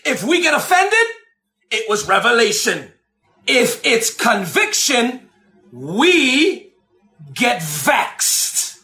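A man preaching a sermon, emphatic and animated, swinging between shouted lines and slow, drawn-out low phrases, repeating lines for effect. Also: faint music behind.

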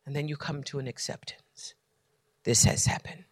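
A man preaching a sermon. He swings from near-whispers to shouting and leans on repeated refrains. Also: mid-range voice, flat delivery, normal speed, dry recording, studio quality. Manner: repetitive preaching cadence. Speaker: pastor.

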